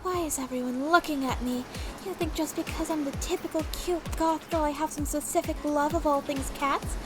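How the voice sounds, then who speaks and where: A woman's voice: high voice, fairly even intonation, normal speed, pitched above the performer's own voice, close to an everyday voice. A woman voicing a prickly, sarcastic young goth girl in a dating game, with game music playing behind. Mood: defensive snark. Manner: snarky, defensive.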